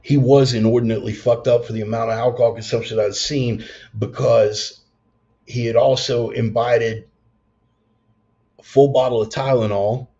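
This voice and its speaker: A man's voice: mid-range voice, steady tone, normal speed, dark tone. A man preaching a raw, profane storytelling sermon, blunt and intense. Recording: slightly dull lo-fi sound.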